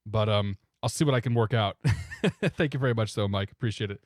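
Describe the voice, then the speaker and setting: A man streaming a flight simulator, chatting casually and in a relaxed way with viewers, often chuckling. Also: on the low side, fairly quick, no echo, studio quality. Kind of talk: casual live-stream chat.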